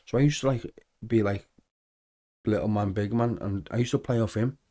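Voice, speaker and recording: A man, a former footballer, telling lively anecdotes in a casual podcast interview, acting out the dialogue. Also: on the low side, normal speed. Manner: animated anecdotes with acted-out dialogue.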